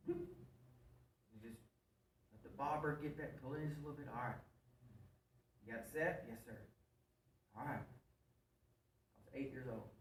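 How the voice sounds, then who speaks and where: A man's voice: mid-range voice, moderate pace, pauses often, slight background noise. Earnest man preaching in a roomy hall. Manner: folksy, earnest, repeats himself, asks the audience questions. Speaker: speaker at a men's meeting. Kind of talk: sermon-style storytelling. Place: church hall before an audience. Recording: roomy, distant live hall recording.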